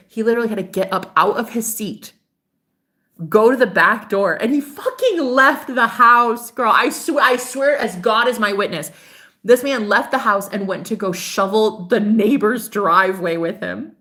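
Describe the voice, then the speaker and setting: A woman telling a personal story in casual chat to her viewers, animated and talkative, swearing and calling her audience "girl". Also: medium pitch. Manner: voices other people in quoted dialogue. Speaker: spiritual advisor.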